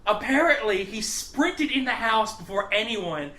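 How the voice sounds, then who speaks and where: High bright guy rambling thru a story, swears a lot, echoey room. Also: expressive, unhurried. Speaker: podcast co-host. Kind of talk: casual chat.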